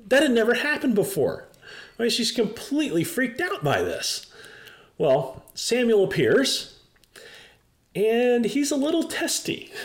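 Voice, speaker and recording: A male pastor delivering a sermon as a lively story, his pitch rising and falling widely as he drives home each point. He talks with frequent uh's, chuckles at the comic moments, and slows down for emphasis. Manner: animated storyteller, chuckling, many fillers.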